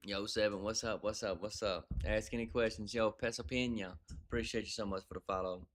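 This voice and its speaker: A man's voice: fairly low pitch, fairly even intonation, fairly quick. A man hosting a casual livestream chat, greeting viewers by name in slangy, laid-back banter and laughing often. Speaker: livestream host.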